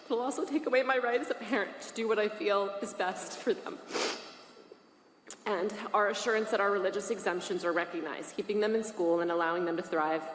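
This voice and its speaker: A woman's voice: mid-range voice, a little fast. A woman in her forties from Massachusetts, a parent reading prepared testimony at a public hearing in a formal, earnest and emotional way. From Massachusetts, USA. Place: large state legislative hearing room. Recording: echoey hall from mid distance, faint hiss.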